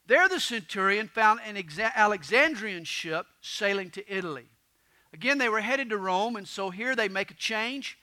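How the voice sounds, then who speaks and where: A pastor in mid-life preaches with a high, ringing voice. He teaches through scripture in a lively, storytelling way and recites verse with gusto. His tone is bright and forward. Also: moderate pace.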